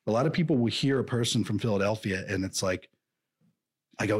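A man co-hosting a casual chat, playful and quick to slip into silly impressions. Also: fairly low pitch, breathy edge. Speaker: podcast co-host.

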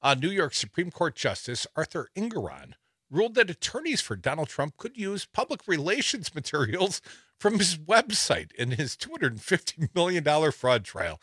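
A man's voice: on the high side, very animated, moderate pace, fairly bright tone, breathy edge, no echo. A man hosting a talk radio show, reading news stories with sarcastic asides and a wry, laughing delivery into a studio microphone.

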